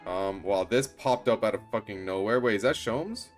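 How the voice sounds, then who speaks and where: A man streaming a game, chatting casually, excitable and profane, laughing often. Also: fairly low pitch, moderate pace. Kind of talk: casual gameplay commentary. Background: faint game music.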